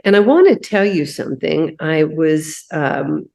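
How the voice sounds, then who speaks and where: Lower-voiced woman telling a faith story. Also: lively intonation, measured pace, creaky, mellow. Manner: conversational, retells a story with quoted dialogue and many "you know"s. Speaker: host of a women's coffee chat. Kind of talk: faith-based storytelling chat.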